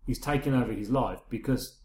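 A man's voice: mid-range voice, brisk, darkish tone, reverberant. A middle-aged man co-hosting a casual podcast chat, rambling and retelling scenes with quoted dialogue. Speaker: podcast co-host.

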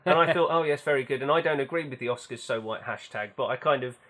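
A man's voice: medium pitch, fast, a bit bright. A man co-hosting a casual film chat, telling stories in a chatty, wry way with the odd swear word. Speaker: podcast co-host.

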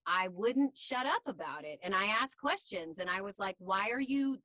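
A woman's voice: medium pitch, animated, normal speed, sharp tone, dry recording. A woman from Tennessee, a voiceover actress, talking casually as a podcast guest and rambling with many restarts. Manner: rambling, full of fillers and restarts. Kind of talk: casual conversational interview.

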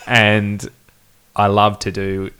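Bright-voiced laid-back man. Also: fairly low pitch, completely flat delivery, slow pace, clean tone. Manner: laid-back, candid and reflective. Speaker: podcast guest, band member. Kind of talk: casual podcast chat.

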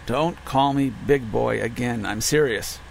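A man voicing a gruff, curt, irritable male investigator in an audiobook. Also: medium pitch, a little slow, a little hiss or hum.

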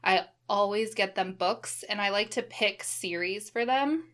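A woman in her thirties in casual chat, relaxed and enthusiastic, swearing now and then. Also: medium pitch, measured pace.

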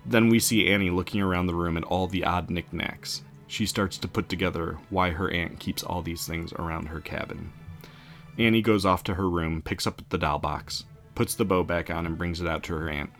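A man casually retelling a spooky story in an animated way. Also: low-pitched, moderate pace, faint music behind. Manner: casual, animated, laughs along.

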